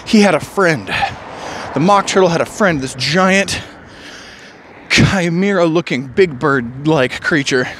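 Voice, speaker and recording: A man's voice: on the high side, a little slow, a bit bright, a little hiss or hum. A man talking alone to camera in a rambling, reflective monologue, sighing often as he drifts between stories and feelings. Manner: musing, digressive, sighs often. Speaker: vlogger.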